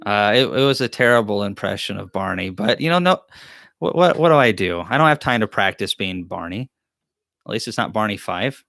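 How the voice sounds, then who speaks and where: A man's voice: fairly low pitch, expressive, brisk, vocal fry, a bit bright, dry recording, clean studio sound. A man hosts a live-stream Q&A, reading chat questions aloud and answering them in a joking, rambling, self-deprecating way. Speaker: beekeeping channel host.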